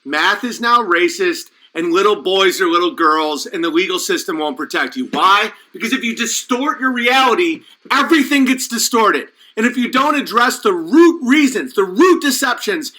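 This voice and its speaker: Fired-up male podcast host, emphatic and preachy, with a high, piercing, sharp tone. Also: animated, moderate pace, few pauses, rough recording. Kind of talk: impassioned conspiracy monologue.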